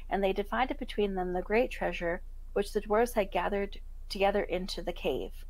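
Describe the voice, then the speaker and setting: A woman podcast host reading a fairytale aloud in a steady storybook manner. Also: medium pitch, rough recording. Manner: steady storybook narration with self-corrections.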